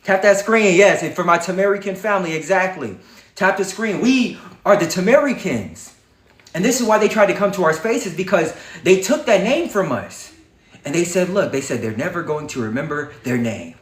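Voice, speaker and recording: A livestream host delivers a defiant, preachy monologue packed with swearing. His voice is high and expressive at a moderate pace, and the room sounds echoey.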